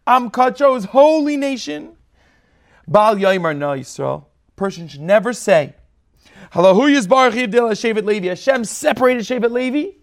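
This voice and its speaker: A man preaches a sermon, his voice sitting very high. There is a gravelly, crackly texture to his tone. He swings between hushed pleading and forceful emphasis. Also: animated, moderate pace. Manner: impassioned preaching, shifting between soft and forceful. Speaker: rabbi.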